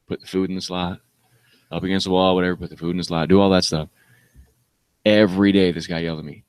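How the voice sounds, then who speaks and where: A man's voice: low-pitched, no echo. A man, a comedian co-hosting a podcast, telling a crude story in casual talk, swearing and laughing often. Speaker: podcast co-host.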